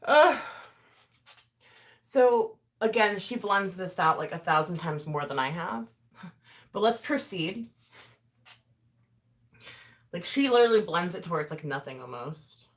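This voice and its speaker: A chatty woman talks her way through a makeup tutorial. Her voice sits a little low but swings up and down a lot, and she rambles with fillers and asides. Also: measured pace, long pauses. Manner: animated, swings in pitch and loudness. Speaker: YouTuber doing a makeup tutorial. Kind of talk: casual chat while doing makeup, talking to live chat.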